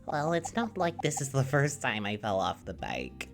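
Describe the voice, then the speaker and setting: A woman voicing a dramatic excitable young man. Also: rumbling low, moderate pace, over music, full character voice. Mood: chatty. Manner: dramatic outbursts, playful shouting. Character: excitable teasing young man, patient in hospital. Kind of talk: visual novel voice reading.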